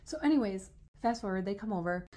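A young adult woman co-hosting a podcast, telling a personal story in casual chat, animated and full of "like" fillers. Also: mid-range voice, quick pace. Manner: animated, frequent "like" fillers, rising into excited retelling. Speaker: podcast co-host.

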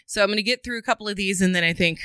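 A woman with a bright, forceful voice co-hosting a podcast. She chats casually and playfully, laughing easily. The sound is dry and close. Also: very fast, clean tone, dry recording. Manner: playful, laughs often, dips into a low sultry voice. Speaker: podcast co-host. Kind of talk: casual chat.

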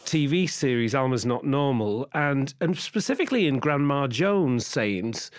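A man hosting a radio interview, asking measured, thoughtful questions. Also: mid-range voice, animated. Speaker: host.

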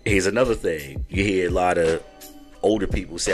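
A man's voice: low-pitched, normal speed, faint music behind. A middle-aged man from Baltimore with a mild Baltimore accent, hosting a podcast in casual chat and often repeating himself. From Baltimore, USA. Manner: laid-back, repeats himself. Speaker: podcast host.

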